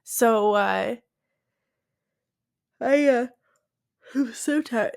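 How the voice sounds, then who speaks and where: Woman podcast host, young, unhurried delivery, sleepy and self-conscious, frequent laughs. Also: fairly high pitch, creaky, smooth. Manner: awkward, self-deprecating, laughs often. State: tired, yawning. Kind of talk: casual solo podcast chat.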